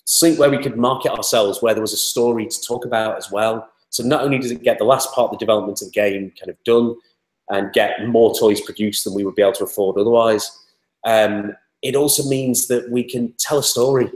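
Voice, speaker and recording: A man's voice: mid-range voice, fairly even intonation, brisk, echoey room. A man being interviewed, talking in a chatty, rambling way with many fillers. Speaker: interview guest, toy startup spokesman. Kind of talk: casual interview talk.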